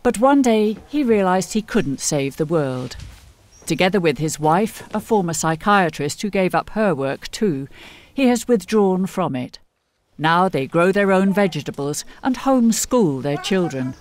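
A documentary narrator delivering a scripted voice-over. The voice sits at a middle pitch, and the reading is even and polished throughout. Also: a little slow.

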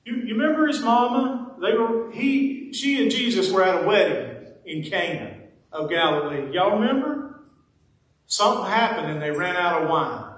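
A man's voice: high voice, sing-song, moderate pace, fairly bright tone. A man preaching a sermon as pastor, folksy and conversational with playful asides. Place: church sanctuary. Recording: very echoey church sanctuary, mic at a distance.

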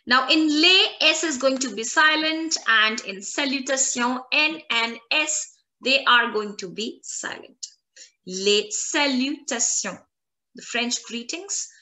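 A woman language instructor teaching an online lesson, repeating words slowly and clearly for learners. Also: high-pitched, sharp tone. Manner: slow, drawn-out repetition of French words for learners.

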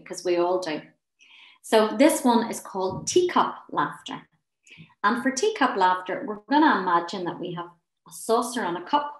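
A woman leading a guided laughter and relaxation session. She gives gentle, encouraging, soothing instructions. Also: mid-range voice, echoey room, low-quality recording. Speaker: wellness session leader.

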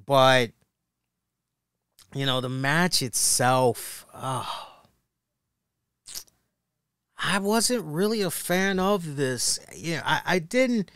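A man's voice: a little high, expressive, takes it slowly, a bit bright, clean tone, dry recording, clean studio sound. A man hosting a wrestling review show, giving casual commentary in a slangy, joking way.

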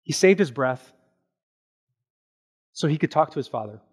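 A man preaching a sermon as pastor, animated and conversational, with slow, hushed stretches on solemn points. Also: fairly high pitch, slightly rough. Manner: animated and conversational, with everyday examples and quick asides.

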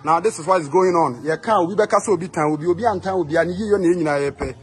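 High-voiced Ghanaian man giving a tour. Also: slight background noise. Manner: halting, repetitive, pointing things out. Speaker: vlogger touring a school. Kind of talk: casual walking tour to camera.

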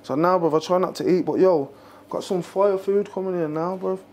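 Young rapper, high voice, animated backstage chat, light room noise. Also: male voice, brisk. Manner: slangy, animated, swearing freely. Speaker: rapper on tour.

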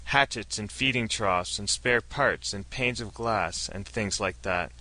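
A man's voice: fairly low pitch, measured pace, pushed and bright, dry recording. A man voicing a heavy-spoken storekeeper. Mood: grave. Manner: heavy, grave. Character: troubled small-town storekeeper.

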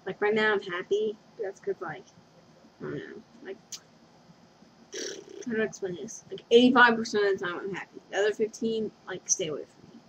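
A woman's voice: mid-range voice, sing-song, fairly quick, creaky, fairly bright tone, slight background noise. A young woman rambling through a casual confession vlog at home, giggly and scatterbrained, often losing her train of thought. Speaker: vlogger. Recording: dull lo-fi webcam recording.

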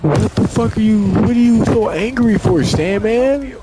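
A young man streaming a video game, reacting with loud excited exclamations and profane trash talk at the enemies. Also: high-pitched, unhurried, heavy background noise. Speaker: gaming streamer. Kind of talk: live gameplay commentary. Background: loud game music.

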